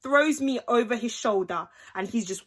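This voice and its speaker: A young woman telling an animated, slangy story in a casual vlog, acting out the people she talks about. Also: fairly high pitch, normal speed. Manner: animated, acts out the voices of the people in her story; slangy, chatty, with lots of "like" and "innit". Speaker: vlogger.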